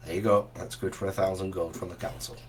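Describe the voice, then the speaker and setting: A man running a tabletop game as game master, easygoing and quick to laugh. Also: sits low, little pitch movement, slight background noise.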